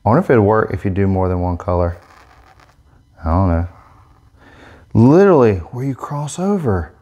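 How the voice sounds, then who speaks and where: Man, excitable, gushing, casual demo vlog, microphone set up. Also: lowish voice, normal speed. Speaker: airbrush artist demonstrating markers.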